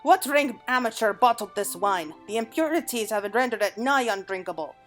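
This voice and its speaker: A woman's voice: on the high side, lively intonation, normal speed, faint music behind, natural voice. A woman voicing a snobbish, arrogant male wine baron from a video game, speaking in a pompous, scornful way with an attempted French accent. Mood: contemptuous.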